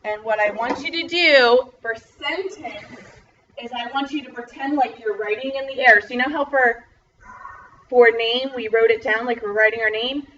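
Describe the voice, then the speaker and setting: A young woman teaching a first grade class over a video call, slowly spelling out words in a bubbly, encouraging way. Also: fairly high pitch, fairly bright tone, dull audio, slight background noise. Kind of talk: online class lesson.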